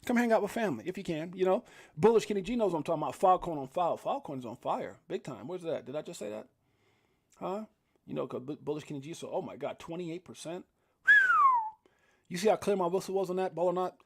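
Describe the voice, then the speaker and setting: A man hosting a casual live crypto stream, hyped and rambling, shouting out viewers and reading prices with laughs. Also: high voice, lively intonation, fast talker, slight background noise. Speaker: livestream host.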